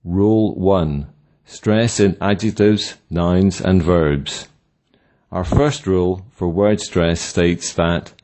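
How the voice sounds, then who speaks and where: A man reading a scripted language lesson in a slow, deliberate, instructional way. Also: low-pitched, mellow. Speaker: language teacher. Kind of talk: scripted narration.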